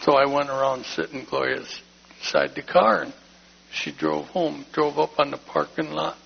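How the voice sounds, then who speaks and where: A man tells his personal testimony in church, plain-spoken and full of feeling. His voice is gravelly and husky, pitched a little high. The recording is dull and lo-fi. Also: level tone, unhurried. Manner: emotional, plain-spoken storytelling. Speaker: speaker giving a testimony in church.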